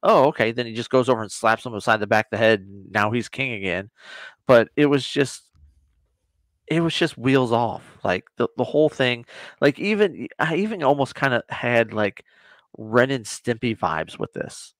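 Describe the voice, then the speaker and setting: A man's voice: mid-range voice, expressive, dry recording. Rambling man retelling a show. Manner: rambling, retells scenes with quick quoted voices. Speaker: guest. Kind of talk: casual reaction chat.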